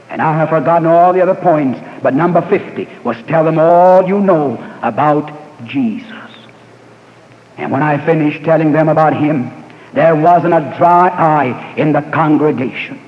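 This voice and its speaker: A middle-aged man, an evangelist, telling his testimony as a fervent sermon, swelling and dropping his voice with dramatic pauses. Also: a little high. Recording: dull archival hall recording.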